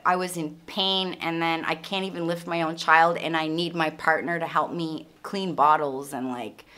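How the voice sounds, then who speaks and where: A woman's voice: sits low, fairly even intonation, moderate pace, bright, forceful tone. A woman, hosting a chatty commentary on pronunciation and mixing in Indonesian words. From Canada. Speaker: host. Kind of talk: casual commentary on English pronunciation.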